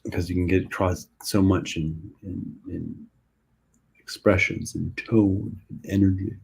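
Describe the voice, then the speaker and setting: A man's voice: sits low, little pitch movement, a little slow, vocal fry, a little mellow, breathy edge. A male podcast host talking casually, rambling with lots of "like" and "you know". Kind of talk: casual conversation.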